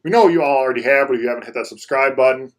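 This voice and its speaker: A man's voice: mid-range voice, rapid-fire. A young man from Michigan who hosts a hunting vlog, talking casually to his viewers and rambling, restarting and repeating words as he goes. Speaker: hunting vlogger.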